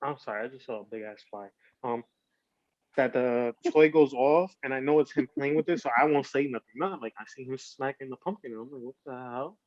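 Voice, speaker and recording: A man rambling through a casual podcast chat, tipsy and slurring now and then, with a bit of Spanish mixed in. His voice sits at an ordinary pitch. The recording is dry and dull, like a lo-fi mic. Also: a little fast, a little mellow, no room sound. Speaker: podcast host. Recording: dull lo-fi sound.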